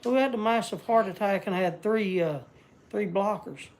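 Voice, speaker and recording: A man's voice: sits high, moderate pace. A man chatting casually on a livestream, rambling and searching for words. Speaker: vlogger.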